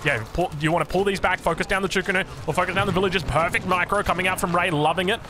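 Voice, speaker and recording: A man with an Australian accent casting a strategy game match with excitable, quick play-by-play commentary full of restarts. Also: sits high, over music. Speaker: esports caster.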